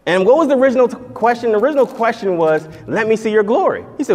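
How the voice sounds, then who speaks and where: A man preaching in a big conference hall, his voice ringing with long reverb. He talks in a lively, fairly high voice and swings from loud exhortation down to hushed, prayerful tones. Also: fairly quick. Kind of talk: sermon.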